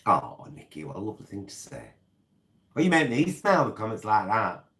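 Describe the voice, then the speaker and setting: A man's voice: lowish voice, huge pitch swings, a little fast, a bit bright. A man chatting live with his viewers, rambling from topic to topic and answering their comments as he goes. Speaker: vlogger.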